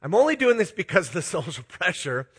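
A man's voice: high-pitched, big pitch swings, a little fast, a bit bright, breathy edge. A middle-aged man from Minnesota, a pastor telling self-deprecating stories in a sermon. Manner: self-deprecating, confessional, chuckling storyteller. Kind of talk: sermon with personal storytelling.

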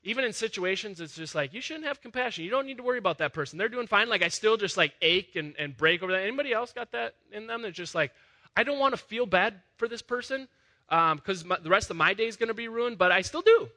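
A man preaching in a lively, conversational way. His voice is high and very bright, and it climbs to loud, emphatic peaks. It sounds like a full sermon. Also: fast talker. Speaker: pastor.

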